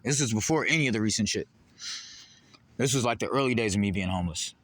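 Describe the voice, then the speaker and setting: A man's voice: on the low side, animated, fast talker, fairly bright tone, no room sound. A man in a heated, rambling, profane monologue to the camera. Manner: heated, rambling, profane, jumping between topics. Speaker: vlogger.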